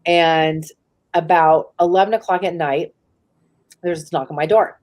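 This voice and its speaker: Candid woman with a lowish voice. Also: steady tone, a little slow, a little mellow. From San Francisco Bay Area. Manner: casual and candid, frequent "like" and swearing. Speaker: interview guest. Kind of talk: personal storytelling in a live interview.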